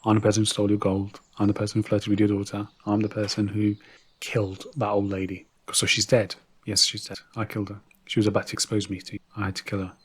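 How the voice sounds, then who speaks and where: A man voicing a sly, scheming thin young man who talks in a quiet, calculating way, with a husky, low voice. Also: completely flat delivery, quick pace. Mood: confessing.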